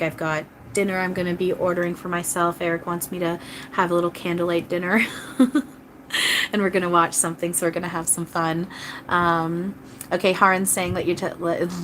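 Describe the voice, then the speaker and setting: A woman with a fairly low, fairly bright voice and little pitch movement speaks fairly quickly while giving live readings as a channeler. Casual and earnest, she rambles, restarts often and apologizes to viewers a lot. Slight background noise is present.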